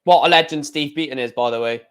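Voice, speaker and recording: A man giving casual live reaction commentary on a darts match, chatty and excitable, with hiccups. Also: on the high side, fast talker, smooth. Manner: excitable, chatty, sings along with crowd chants.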